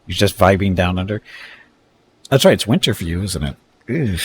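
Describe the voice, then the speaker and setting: A man's voice: sits low, lively intonation, moderate pace, pauses often, a little hiss or hum. A man streaming a strategy game, casually reading out unit stats and greeting viewers. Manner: reads unit stats aloud, chats with viewers. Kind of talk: casual live-stream commentary.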